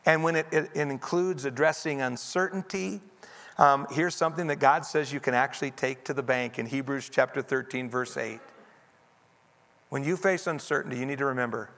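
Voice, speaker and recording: A man's voice: medium pitch, moderate pace, fairly bright tone. A man preaching a sermon, earnestly guiding his congregation through scripture. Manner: earnest, leads congregation in repeated reading. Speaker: pastor. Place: church sanctuary. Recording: long reverb of a large hall.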